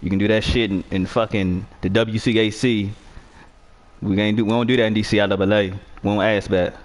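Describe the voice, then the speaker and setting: A man's voice: lowish voice, fairly even intonation, brisk. Young man trash-talking over a game. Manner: profane, heated and argumentative. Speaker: gamer. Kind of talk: trash-talking gameplay commentary.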